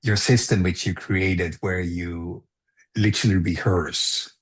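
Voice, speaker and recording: Husky deep-voiced male podcast host. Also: fairly even intonation, slow. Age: 50s. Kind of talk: interview questions.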